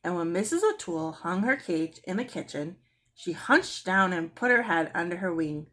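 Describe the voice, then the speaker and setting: A woman reading a children's book aloud in a gentle storytelling manner. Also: fairly low pitch, animated, moderate pace. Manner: gentle storytelling, clears throat now and then. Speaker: reader.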